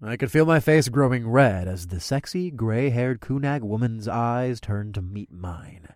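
A man reads a first-person fantasy audiobook with an animated, swooping delivery. His voice sits at an ordinary pitch for a man. It is recorded close on a studio mic in a dry, dead space. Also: measured pace, no room sound. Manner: expressive, lively reading. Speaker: narrator.

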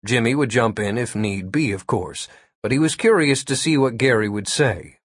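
A man reading an audiobook as narrator, with a steady storytelling delivery. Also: medium pitch, moderate pace, breathy edge, no echo, clean studio sound. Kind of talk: scripted narration.

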